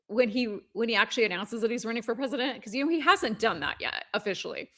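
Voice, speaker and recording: A woman's voice: on the high side, expressive, quick pace, sharp tone. Giggly woman co-hosting a talk show. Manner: giggly, playful. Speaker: co-host and researcher. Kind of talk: casual political news chat.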